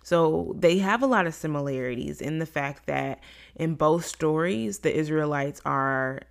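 In a low, gravelly voice, a woman leads a casual Bible study. Her delivery is chatty, and she dramatizes the complaints she quotes using lively voices.

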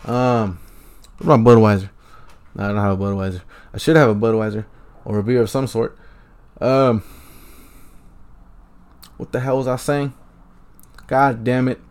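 A man hosting a podcast, casually commentating a football match as he watches it, swearing often and jumping between laid-back talk and excited outbursts into a handheld mic. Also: mid-range voice, a little slow, long pauses, clear, resonant tone. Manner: profane, excitable reactions. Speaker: podcast host.

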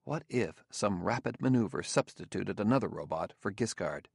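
A man narrating an audiobook in a measured, steady storytelling manner on a close studio mic. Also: fairly low pitch, gravelly, breathy edge, no room sound. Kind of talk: scripted narration.

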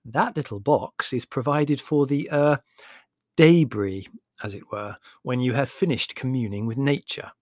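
A man's voice: medium pitch, measured pace, a little mellow, no room sound, studio quality, natural voice. A man reading an audiobook, voicing a pompous, witty young Englishman who speaks in a grand, condescending drawl. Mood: lecturing.

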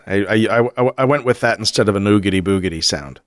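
A man co-hosting a podcast in casual chat, animated and rambling, laughing often and restarting his sentences. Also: on the low side, fast. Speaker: podcast co-host.

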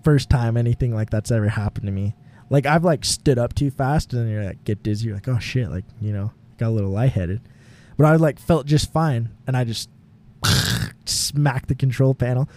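A man's voice: medium pitch, fairly quick, darkish tone. A young man co-hosting a podcast, telling a long rambling story in casual chat, full of fillers and laughing often. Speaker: podcast co-host. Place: home garage.

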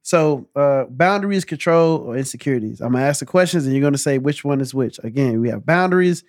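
A man hosting a casual group chat, asking questions in an animated, joking way and jumping in quickly. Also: mid-range voice, no echo, clean studio sound.

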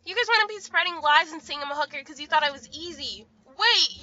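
A woman's voice: sits high, a little fast, bright, forceful tone, highs cut off. A young woman in a casual venting monologue, profane and ranting, full of "like". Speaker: vlogger.

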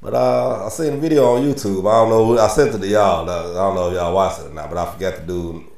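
A man's voice: low voice, fast, a little mellow, distant mic. A man co-hosting a sports podcast, telling a rambling story in casual chat. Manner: rambling, repeats words. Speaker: podcast co-host. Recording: roomy sound, away from the mic.

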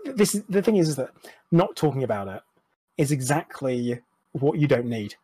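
A man's voice: mid-range voice, very animated, normal speed, warm tone, breathy edge, dry recording. A young man talking candidly as an interview guest, frank and rambling, with restarts and self-deprecating asides. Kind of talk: candid personal conversation.

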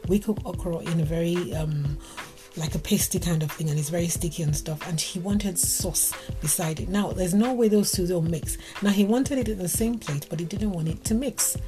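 Animated woman telling a story. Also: lowish voice, normal speed. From Africa. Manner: animated, acts out quoted dialogue. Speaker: speaker giving relationship advice. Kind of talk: storytelling talk. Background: music playing.

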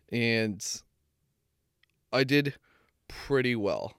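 A young man chats casually, telling a meandering story that keeps doubling back on itself, and he swears freely. His voice is smooth and clear. The room is dry, with little reverb. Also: lowish voice, slow pace, long pauses, a bit bright. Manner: rambling storyteller, swears freely, self-correcting. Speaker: podcast co-host. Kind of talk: casual chat.

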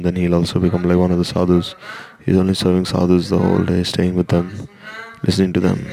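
A man recounts a devotional tale in a slow, halting manner, often restarting his sentences. His voice sits low with a gravelly edge, and he talks with little rise and fall. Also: warm tone. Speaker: storyteller. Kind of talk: devotional story talk.

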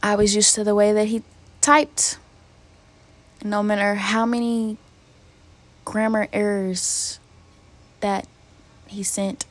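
Speaking slowly with long pauses, a young podcast host pours out an emotionally raw solo vent, candid and profane. Her medium-pitched voice stays fairly even though she is hurt and close to tears.

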